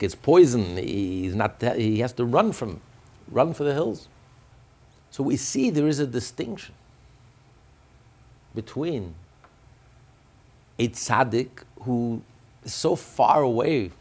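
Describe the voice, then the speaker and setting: A religious teacher explains a religious text in a class, speaking emphatically and often repeating and restarting his phrases. His voice is medium-pitched and a little mellow.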